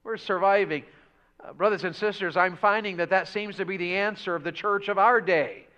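High-voiced preacher. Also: male voice, a little fast, sharp tone, smooth. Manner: folksy, rhetorical questions to congregation. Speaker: pastor. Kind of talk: revival sermon. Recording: dull lo-fi church audio.

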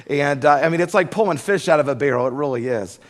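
A middle-aged man preaching a sermon, telling a humorous story in an animated way before building to loud preaching. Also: a little high, quick pace. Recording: echoey hall with long reverb.

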